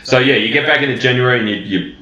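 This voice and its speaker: A man's voice: mid-range voice, fast, sharp tone. A man hosting a solo fitness podcast, talking bluntly and casually with plenty of fillers. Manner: blunt, conversational, many fillers. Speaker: personal trainer and podcast host. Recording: roomy, dull lo-fi sound.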